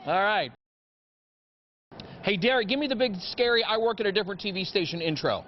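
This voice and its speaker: A man's voice: sits high, expressive, a little fast. A man hosting a live morning TV segment from inside a grocery store, joking, upbeat and a bit hammy. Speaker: morning TV show host. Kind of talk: playful live TV segment banter. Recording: muffled broadcast audio, faint noise.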